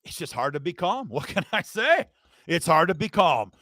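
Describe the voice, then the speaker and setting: An impassioned man hosts a live advocacy stream, railing indignantly and calling his viewers "guys." His voice sits fairly high for a man, and the sound is dry and close with no room around it. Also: sing-song, normal speed, pushed and bright, no echo. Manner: fired-up, indignant, speaks straight to viewers as "guys". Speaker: advocacy livestream host. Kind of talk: impassioned political livestream rant.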